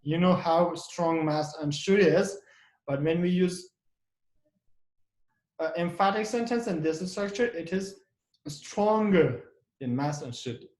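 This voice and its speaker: A male English teacher gives a grammar lesson in an echoey classroom, speaking slowly in a slightly raised register with a darkish tone and frequent pauses. He asks questions and answers them himself, repeating example sentences with emphasis.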